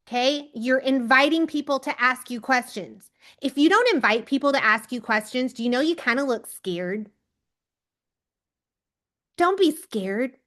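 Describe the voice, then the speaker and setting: A woman leading a team training on a video call, giving an energetic pep talk and calling on people by name. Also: high-pitched, measured pace. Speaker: team leader coaching recruits.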